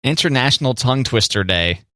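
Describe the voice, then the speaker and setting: A man's voice: medium pitch, animated, fairly quick, pushed and bright, dry recording, clean studio sound. A man co-hosting a podcast, chatting casually and joking at his own expense. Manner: easygoing, self-deprecating, many fillers and restarts. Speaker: podcast co-host. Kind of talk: casual chat.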